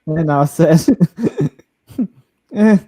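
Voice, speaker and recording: A man's voice: a little high, extremely slow, dark tone. A young Australian man, a podcast co-host, telling a crude story in casual chat, swearing and laughing as he goes.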